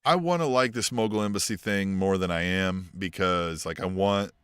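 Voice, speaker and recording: Male podcast co-host, lowish, tense bright tone, casual and chuckly. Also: normal speed, clear, resonant tone, dry recording, clean studio sound. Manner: chuckling, keeps asking "right?". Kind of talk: casual wrestling podcast chat.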